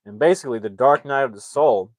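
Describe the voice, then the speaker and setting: A young man talks through a movie's plot in a loose, rambling way, slipping into the characters' lines as he retells each scene. His voice sits at a middle pitch, and the recording is dry, with no room sound. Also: quick pace, dry recording. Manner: rambling, animated retelling with acted-out quotes. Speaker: movie reviewer. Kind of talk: casual plot recap.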